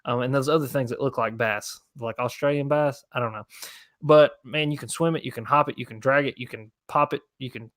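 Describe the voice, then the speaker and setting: A man's voice: mid-range voice, fairly even intonation, brisk, a bit bright, dry recording, clean studio sound. A young man hosting a casual fishing livestream and answering viewer questions in a laid-back, rambling way. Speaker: fishing channel host.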